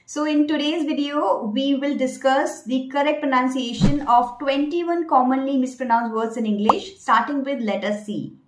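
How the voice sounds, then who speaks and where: A woman with a fairly high voice teaches English pronunciation in an online lesson. She speaks clearly and deliberately and keeps asking the viewer questions. Her voice rings a little in an echoey room.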